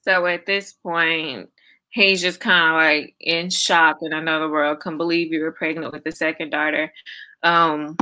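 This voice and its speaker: Bright-voiced woman interviewer. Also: low voice, flat delivery, a little slow, dry recording. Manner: prompting, recapping the guest's story. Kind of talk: interview questions.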